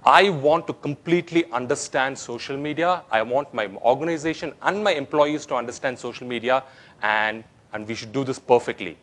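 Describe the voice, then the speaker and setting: A man voicing an eager, patriotic male HR manager who makes wishes excitedly inside a joke. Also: mid-range voice, a little fast, close to an everyday voice.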